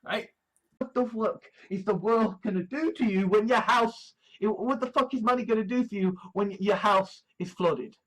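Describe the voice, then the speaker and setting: A woman's voice: mid-range voice, normal speed, low-quality recording. A woman giving a rambling, profane video monologue, agitated and often breaking off mid-sentence. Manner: profane, agitated, self-interrupting. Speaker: vlogger.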